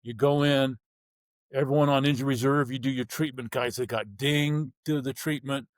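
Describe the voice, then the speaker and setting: A man's voice: mid-range voice, steady tone, moderate pace, dry recording. A man telling his story bluntly in an interview, acting out the people he quotes. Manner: vivid, blunt storytelling with acted-out dialogue. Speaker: guest, former pro football player.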